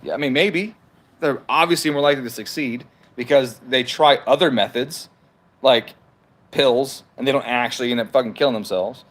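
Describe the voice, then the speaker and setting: A man's voice: mid-range voice, moderate pace. A man hosting a livestream from home, reading chat messages aloud and arguing back in a heated, profane, casual rant. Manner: profane, argumentative, talks back to comments.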